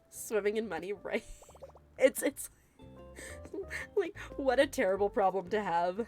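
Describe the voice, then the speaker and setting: A woman chatting casually with viewers during a live game stream, excitable and quick to gasp and laugh. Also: mid-range voice, soft background music. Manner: excitable, gasping and laughing often. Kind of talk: casual live-stream chat while gaming.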